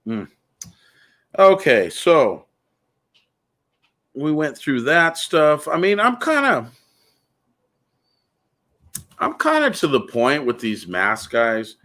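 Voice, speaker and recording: A man's voice: on the high side, wildly swooping pitch, takes it slowly, pauses often, bright, forceful tone. A man hosting a casual talk show, speaking bluntly and ranting, often calling the listener "dude.". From California. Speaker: podcast host.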